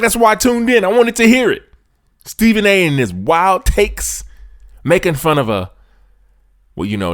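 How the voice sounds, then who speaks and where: Animated sports podcast host, lively swooping voice. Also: male voice, on the high side. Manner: preachy, animated, swings from loud to hushed asides; casual slang, addresses listeners directly. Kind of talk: sports commentary monologue.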